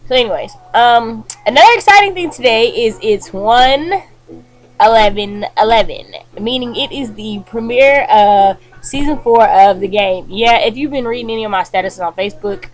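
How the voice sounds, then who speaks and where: A woman's voice: a little high, moderate pace, low-quality recording. Young woman, college-student vlogger, casual and chatty, lots of ums and likes, recorded in a bedroom. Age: young adult. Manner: chatty, animated, frequent fillers like um and like. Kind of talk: casual chat to camera. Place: bedroom, indoors.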